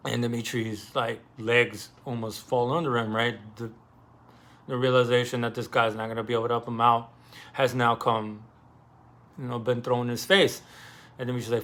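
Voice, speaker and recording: A man's voice: medium pitch, normal speed, bright, forceful tone. Rambling young man summarizing a novel. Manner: rambling, swearing, acts out characters' lines. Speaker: book discussion host. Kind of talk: casual book summary.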